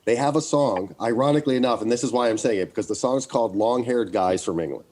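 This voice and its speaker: A man's voice: medium pitch, quick pace, darkish tone. American man, podcast co-host, casual rambling chat, jokey.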